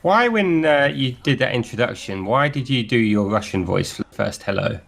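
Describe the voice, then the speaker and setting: A man's voice: medium pitch, expressive, normal speed, vocal fry, fairly bright tone. A man, co-hosting a casual gameplay review and joking at his own mistakes. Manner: self-deprecating, jokey, laughs at himself. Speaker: co-host whose play is being reviewed.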